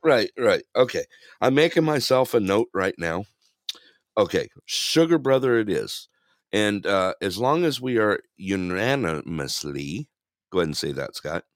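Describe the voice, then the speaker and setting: A man's voice: on the low side, expressive, a little slow, dry recording, studio quality. A man co-hosting a casual podcast chat who laughs often and keeps repeating his own catchphrases. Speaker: podcast co-host.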